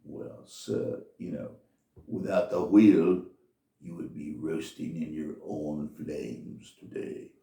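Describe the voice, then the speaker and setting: A man doing condescending rich old gentlemen, deep gravelly voice, dismissive, echoey room. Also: steady tone, slow, far from the mic, heavily acted. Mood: arguing. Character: two wealthy older gentlemen, haughty and scornful.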